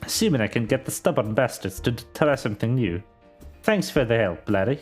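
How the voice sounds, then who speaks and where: A man voicing a rough, hearty male tavern keeper for a game, reading it aloud with a clumsy attempted Scottish accent and stumbling restarts. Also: medium pitch, animated, fairly quick, faint music behind, pitched below the performer's own voice, lightly acted.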